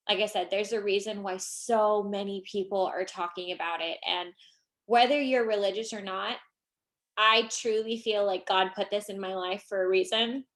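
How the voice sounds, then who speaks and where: A woman's voice: medium pitch, fairly bright tone. A woman speaking heartfelt words on a motivational group call, close to tears. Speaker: network marketing seller.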